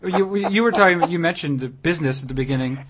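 A man's voice: fairly high pitch, quick pace, highs cut off, background noise. A man hosting a podcast, chatting casually in a dry, teasing, rambling way. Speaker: podcast host.

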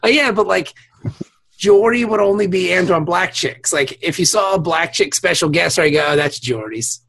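A man's voice: high voice, steady tone, normal speed, gravelly, fairly bright tone. A tired man co-hosting a podcast in casual chat, rambling and crude, laughing often. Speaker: podcast co-host.

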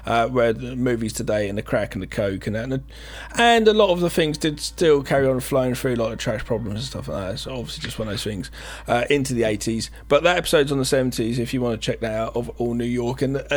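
A man's voice: mid-range voice, expressive, fast talker, hardly any pauses. A man co-hosting a podcast, chatting casually in a blunt, joking way and swearing freely. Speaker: podcast co-host.

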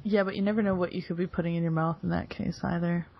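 Giggly, lowish-voiced woman host for a casual podcast chat; dull lo-fi recording. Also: fairly even intonation, fast, vocal fry, a little hiss or hum. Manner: giggly, laughs often.

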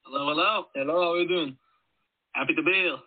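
A man's voice: a little high, fast. A man joining a radio talk show as a guest, greeting the host in a friendly, upbeat way. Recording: husky voice over a phone line.

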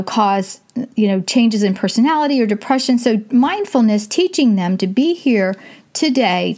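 Chatty older woman, slightly high. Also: a little mellow. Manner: chatty, many fillers, quick bursts. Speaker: host. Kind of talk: casual advice talk.

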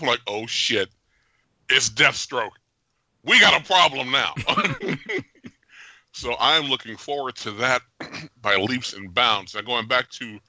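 A man hosting a podcast, giving an animated, jokey and opinionated movie review with frequent laughs. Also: medium pitch, no room sound. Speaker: podcast host. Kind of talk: casual movie review chat.

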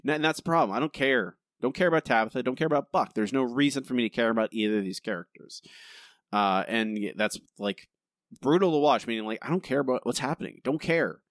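A man's voice: medium pitch, quick pace, dry recording, studio quality. A young man co-hosting a podcast, ranting in a casual, exasperated way and repeating his points. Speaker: podcast co-host.

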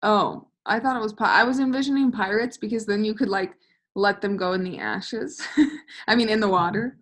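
A woman's voice: medium pitch, moderate pace, fairly bright tone. A woman co-hosting a podcast, reacting to a story with short interjections and jokes in casual chat. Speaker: podcast co-host.

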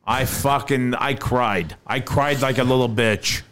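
A man co-hosting a podcast, bantering loudly and cursing often. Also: medium pitch, measured pace. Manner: loud, profane, jokey. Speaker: podcast co-host. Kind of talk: casual banter.

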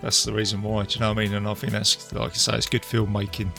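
A man's voice: on the low side, little pitch movement, fast talker, vocal fry, bright, forceful tone, faint music behind. A man co-hosting a podcast, chatting eagerly about films and agreeing a lot. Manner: enthusiastic, lots of agreeing and laughing. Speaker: podcast co-host. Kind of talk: casual film chat.

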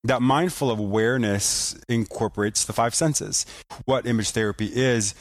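A man hosting a conversation, explaining ideas in a measured, reflective way. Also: medium pitch, dry recording. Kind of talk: conversational interview.

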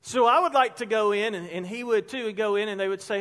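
Brief: middle-aged man, pastor, high-pitched, animated storyteller who drops quiet for emphasis. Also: quick pace, few pauses. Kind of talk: sermon with storytelling. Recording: long hall reverb.

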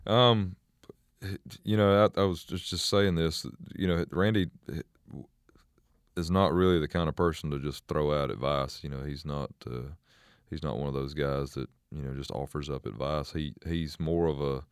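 A man as a country singer guest in a casual interview, talking in a halting, measured way with many fillers. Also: a bass voice, steady tone, smooth, no room sound, studio quality.

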